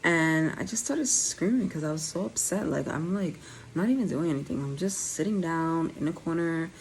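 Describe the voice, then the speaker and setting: A woman's voice: sits low, lively intonation, normal speed, slight background noise, poor audio. A young woman with a slight lisp, telling her own story candidly to viewers in a casual vlog. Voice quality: slight lisp from dental aligners. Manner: candid, conversational, direct to viewers. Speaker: vlogger.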